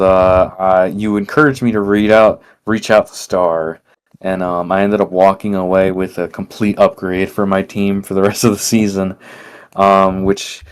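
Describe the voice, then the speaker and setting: A man with a smooth, fairly low voice talks through his recent trades in a relaxed way. His tone is clear and easygoing as he tells the story. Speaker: guest league player. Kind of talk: casual podcast chat.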